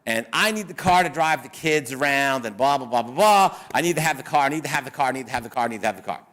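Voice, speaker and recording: A man acting out an insistent woman client in a divorce, pleading and repeating herself, in a lowered voice. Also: lively intonation, normal speed, a bit bright. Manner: pleading, repetitive.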